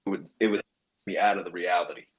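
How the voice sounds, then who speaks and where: A man in casual chat who speaks quietly and makes dry remarks. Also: sits low, level tone, fast talker, breathy edge, rough recording.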